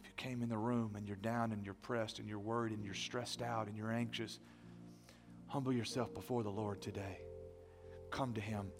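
A middle-aged man preaching a sermon as pastor, dynamic, swinging from loud to hushed. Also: fairly low pitch, fairly even intonation, normal speed, over music. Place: church sanctuary. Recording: long hall reverb.

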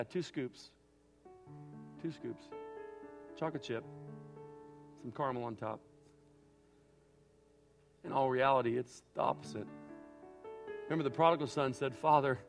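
A man preaching a sermon as pastor, swinging between loud acted-out quotes and quiet, reflective passages. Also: mid-range voice.

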